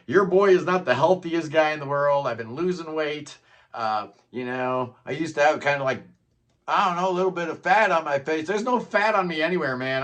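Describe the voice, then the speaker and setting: A middle-aged man holds forth alone to his viewers in a loose, chatty ramble. His voice sits a little high for a man and rings bright, and he keeps dropping "man" at the ends of his sentences. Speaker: music vlogger. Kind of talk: casual solo monologue.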